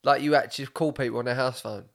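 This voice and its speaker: A man's voice: mid-range voice, steady tone, fast, creaky. A man hosting a comedy podcast, his voice sitting in an everyday middle register. He is blunt, swears freely and cuts across his co-host in loose, unscripted chat. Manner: blunt, swears a lot, talks over others.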